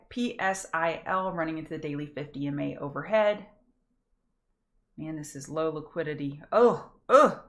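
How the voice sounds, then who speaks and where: A woman from Louisiana with a Southern accent, hosting a casual live pre-market trading show, folksy and chatty, greeting viewers by name and slowing down to enunciate. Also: fairly low pitch, a bit bright. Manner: slows down to enunciate carefully.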